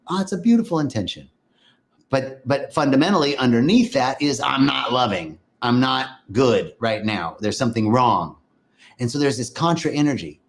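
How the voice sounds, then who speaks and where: A middle-aged man teaching on a live stream, greeting viewers by name and speaking in a gentle, sing-song way. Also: mid-range voice. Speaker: livestream host and spiritual teacher.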